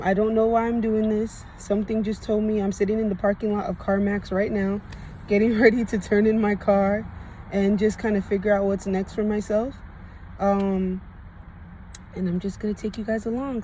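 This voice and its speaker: A woman's voice: mid-range voice, warm tone, slight background noise. A woman in her thirties, heavily pregnant and out of breath, talking candidly into a phone camera for a video diary, rambling with many ums. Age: 30s. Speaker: vlogger. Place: parked car, then at home.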